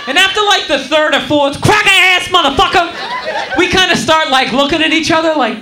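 A man with a very high voice doing live stand-up in a comedy club, telling his story in an animated way and acting out characters. The room sounds roomy and echoey, with a clearly audible crowd and background noise. He talks into a stage mic. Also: fairly quick.

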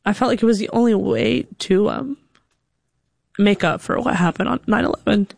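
A woman telling a personal story on stage, animated and quick, often jumping into character voices. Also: medium pitch, creaky, no echo, clean studio sound.

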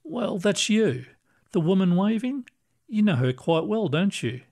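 A man reading aloud, voicing a kindly, calm male ghost librarian who speaks gently and reassuringly. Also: high voice, a little slow, pitched above the performer's own voice, full character voice. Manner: gentle, reassuring, soft-spoken.

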